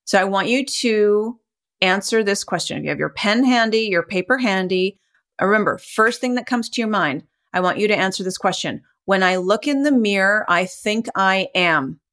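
A middle-aged woman hosts a podcast and talks listeners through a self-help exercise. She is encouraging and conversational, laughs often, and speaks at an ordinary pitch for a woman. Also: a bit bright. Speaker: podcast host and coach.

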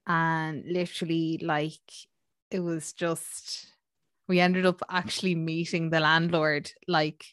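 A woman's voice: low-pitched, level tone, slow pace, a bit bright, no room sound, studio quality. A woman co-hosting a podcast in casual chat, rambling with lots of fillers. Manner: chatty, rambling with many fillers. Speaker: podcast co-host.

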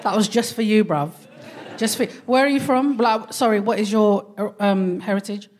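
A woman's voice: medium pitch, steady tone, moderate pace, a crowd in the background. A woman with a London accent doing a live stand-up set, chatty and cheeky as she banters with the audience. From Hackney, London. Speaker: stand-up comedian. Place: live venue before an audience.

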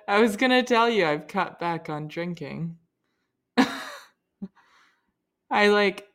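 A woman's voice: lowish voice, fairly bright tone. A woman co-hosting a podcast in casual chat, teasing her co-host. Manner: teasing, unhurried.

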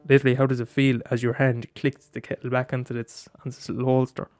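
A man's voice: mid-range voice, little pitch movement, fast talker, darkish tone, faint music behind. A man in a rambling casual monologue, swearing often and restarting his sentences.

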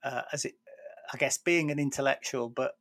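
A man's voice: medium pitch, steady tone, normal speed, fairly bright tone. A man hosting a podcast in casual conversation, hesitant, with many fillers and restarts. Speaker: podcast host.

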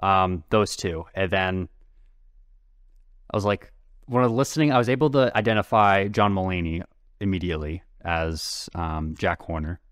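A man's voice: low voice, normal speed, fairly bright tone, clear, resonant tone, no room sound, studio quality. A man co-hosting a podcast in casual chat, rambling with lots of "like" and sometimes tongue-tied. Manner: rambling, heavy use of "like", tongue-tied at times. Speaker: podcast co-host.

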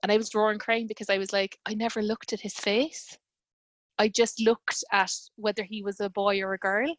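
A woman's voice: mid-range voice, level tone, normal speed, no echo. Chatty woman telling a personal story. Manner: chatty, many fillers and quoted dialogue. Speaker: guest telling her birth story. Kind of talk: casual conversational storytelling.

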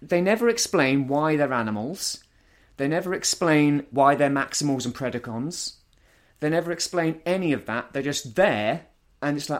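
A man's voice: on the high side, animated, normal speed. A man in casual conversation, talking bluntly and firmly about what he dislikes. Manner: blunt, opinionated, argumentative. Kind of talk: casual chat.

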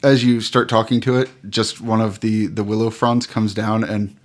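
A man narrating a tabletop game as game master, unhurried and halting, with many fillers. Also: lowish voice, little pitch movement.

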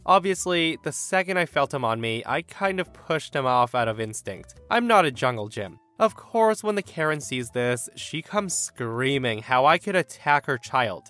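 Lively man reading a story aloud. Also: medium pitch. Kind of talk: scripted story narration. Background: faint music.

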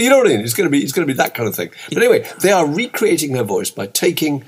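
Husky, lively older man. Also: fairly high pitch, rapid-fire, hardly any pauses. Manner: animated, rambling, with many asides. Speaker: podcast co-host. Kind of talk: casual chat.

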